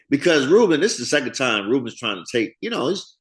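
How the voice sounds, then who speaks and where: A man's voice: mid-range voice, sing-song, fast talker, hardly any pauses, slightly rough. A man teaching a Bible study, reading notes and commenting in a conversational way with playful asides.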